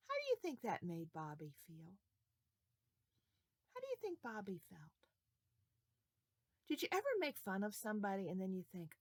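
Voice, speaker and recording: A woman telling a story to young children, animated and often asking the children questions. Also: mid-range voice, moderate pace, long pauses, no echo, clean studio sound.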